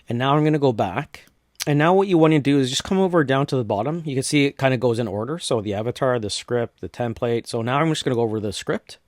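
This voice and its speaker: A man from North America casually walking through a software tutorial step by step, with frequent restarts. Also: mid-range voice, quick pace, dry recording, clean studio sound. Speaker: tutorial host. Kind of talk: screen-recorded software tutorial.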